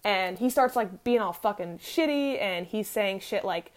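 Young adult woman, podcaster, mid-pitched, chatty confessional storyteller, profane and rambling. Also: animated, a little slow, hardly any pauses. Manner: candid, profane, rambling with many fillers. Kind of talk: casual storytelling.

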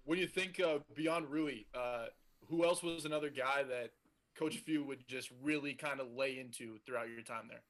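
A man's voice: mid-range voice, moderate pace, a bit bright. A man asking a guest long, searching interview questions with some fillers.

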